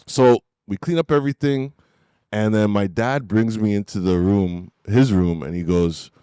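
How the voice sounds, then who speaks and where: A middle-aged man telling a story in casual podcast chat, animated and acting out the people in it. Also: fairly low pitch, normal speed, smooth, dry recording, studio quality. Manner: animated storyteller, laughs and acts out voices. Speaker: podcast host.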